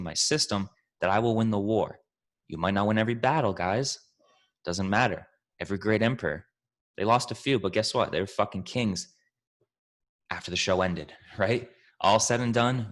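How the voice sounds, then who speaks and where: Fairly low in pitch but fairly bright in tone, a man responds to questions as a trading mentor in a casual talk. His style is pumped-up, foul-mouthed coaching, and he treats his listeners as family and team.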